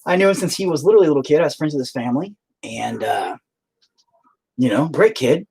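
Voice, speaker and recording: A man's voice: a little high, expressive, fast, gravelly, a little mellow, slightly rough. A middle-aged man, a musician, talking frankly to his stream chat in a rambling, heavily profane way. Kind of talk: casual confessional livestream monologue.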